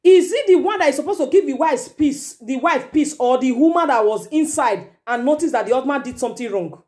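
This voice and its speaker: A woman with a Nigerian accent giving a forceful, lecturing advice monologue as a vlogger, slipping into Pidgin. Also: high voice, animated, a little fast.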